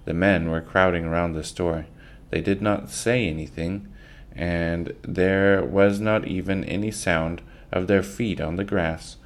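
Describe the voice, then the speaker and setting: Deep, slow-reading man. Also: fairly even intonation. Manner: unhurried reading with small slips and restarts. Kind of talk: reading a children's book aloud.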